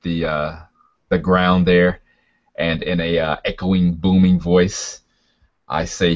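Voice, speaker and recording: A man with a very deep voice plays a tabletop role-playing game, talking haltingly with many fillers. The recording is muffled and lo-fi. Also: little pitch movement. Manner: halting, full of fillers, laughing often. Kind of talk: casual tabletop role-play. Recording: dull lo-fi recording.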